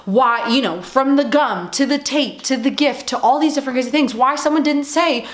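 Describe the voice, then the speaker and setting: A woman's voice: high voice, normal speed, few pauses. Woman, heartfelt vlog talk, apologetic, lots of fillers, echoey room. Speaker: Catholic speaker and vlogger. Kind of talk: earnest talk to camera.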